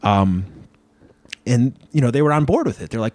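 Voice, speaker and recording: A man tells stories from his wrestling days as an interview guest. He rambles in a lively, casual way and keeps dropping "like" and "you know". His mid-range voice is recorded dry and close to the mic. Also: mid-range voice, normal speed, no echo.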